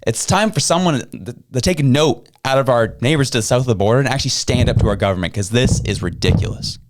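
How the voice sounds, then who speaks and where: Fired-up fast-talking man. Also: medium pitch, heavy background noise. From Canada. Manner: rapid, indignant, repeating rhetorical questions. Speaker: podcast co-host. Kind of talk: heated political commentary.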